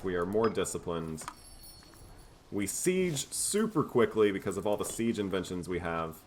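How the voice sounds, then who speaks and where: Man, low voice, relaxed wry let's-play commentator, slight hiss behind. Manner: relaxed, wry, self-mocking. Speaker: gameplay commentator.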